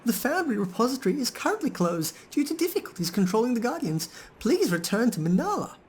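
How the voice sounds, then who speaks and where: Golem guardian's second voice, stiff and announcer-like, high, put on by a man. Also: sing-song, fast talker. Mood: formal.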